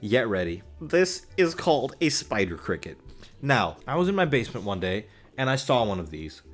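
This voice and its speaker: A young man giving casual, joking reaction commentary as a YouTuber, animated and full of swearing. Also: mid-range voice, normal speed, soft background music.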